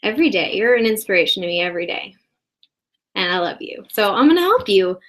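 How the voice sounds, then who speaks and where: A woman's voice: medium pitch, big pitch swings, fast talker. A woman rambling through an improvised comedy monologue at her desk. She is mock-earnest and builds into outrage. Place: indoors at a desk.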